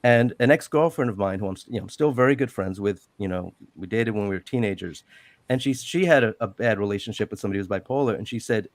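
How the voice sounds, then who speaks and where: A middle-aged man retelling an old film story at length on a video call, rambling and animated, acting out quotes. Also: on the low side, fast talker, no room sound. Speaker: guest on a live panel. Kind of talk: casual storytelling on a group call.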